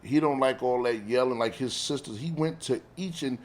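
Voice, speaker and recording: A middle-aged man, a bereaved father telling family stories in an emotional, animated conversational way, often laughing and saying "man". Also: mid-range voice, moderate pace.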